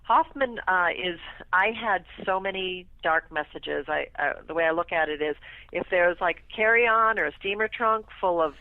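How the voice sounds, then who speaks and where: Animated woman storyteller on a phone line. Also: fairly low pitch, moderate pace, no room sound. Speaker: radio guest. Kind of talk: casual storytelling interview. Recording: tinny phone line, dry.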